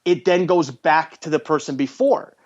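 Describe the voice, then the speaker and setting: Lively man retelling a movie, dull sound. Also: a little high, moderate pace. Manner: animated storyteller acting out quoted lines. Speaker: podcast host. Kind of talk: casual chat, retelling a movie plot. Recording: dull lo-fi podcast audio.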